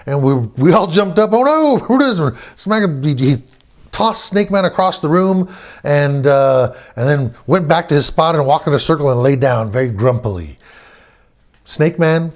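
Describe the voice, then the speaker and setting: Animated man telling a family story. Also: on the high side. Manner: animated, acts out quotes, chuckles often. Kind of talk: personal storytelling.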